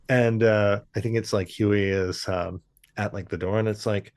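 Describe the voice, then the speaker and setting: A man's voice: lowish voice, steady tone, normal speed. A man co-hosting a podcast, chatting casually and rambling through an episode recap with lots of fillers. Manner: rambling with many fillers and restarts. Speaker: podcast co-host. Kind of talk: casual show review chat.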